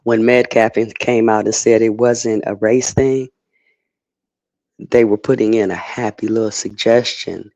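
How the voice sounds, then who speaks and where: Male streamer, lowish voice, heated and emphatic, profane, close dry mic. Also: fairly even intonation, measured pace, a little mellow, no room sound. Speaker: streamer giving commentary. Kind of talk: unscripted livestream rant.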